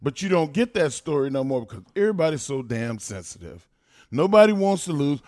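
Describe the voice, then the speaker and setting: A man co-hosting a casual talk show who gets fired up and bursts into loud, animated rants. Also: a little high, brisk, dry recording, studio quality. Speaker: podcast co-host. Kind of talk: casual chat.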